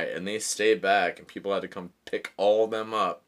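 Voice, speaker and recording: A podcast host with a low, bright, forceful voice at a moderate pace chats casually. He tells his story animatedly, swearing freely and laughing as he goes, keeping the delivery loose and conversational.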